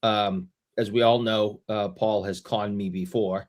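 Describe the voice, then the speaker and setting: A man's voice: fairly low pitch, fairly even intonation, measured pace. A man with a Boston accent chatting on a podcast, joking in a mock-defensive way. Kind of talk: casual podcast chat.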